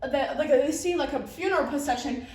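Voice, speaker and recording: A very high-voiced woman rambles through a plot summary for her class, giggling and leaning on filler words. She sounds distant, picked up from across an echoey classroom. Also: a little fast, darkish tone. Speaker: student giving a class presentation. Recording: roomy, from a distance.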